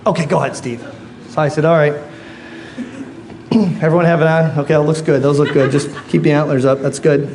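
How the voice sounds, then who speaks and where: A man giving a keynote speech on stage, telling a story and acting out the dialogue in an animated way. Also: fairly high pitch, measured pace, vocal fry, long pauses. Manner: animated, acts out quoted dialogue. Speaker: motivational speaker. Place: on stage before a live audience. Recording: live audience laughter, noisy room.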